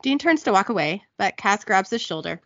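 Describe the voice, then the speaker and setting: A woman's voice: medium pitch, fairly quick, dry recording, dull audio. A woman hosting a casual podcast, giggling as she retells a TV episode. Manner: lively, giggly storytelling. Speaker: podcast host recapping a TV episode. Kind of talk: casual recap chat.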